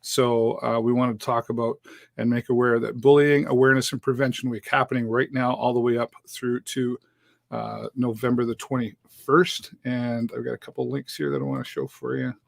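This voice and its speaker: A man's voice: mid-range voice, normal speed, vocal fry, no echo. A middle-aged man from Canada hosting a live show, talking casually and upbeat with many fillers. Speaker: host.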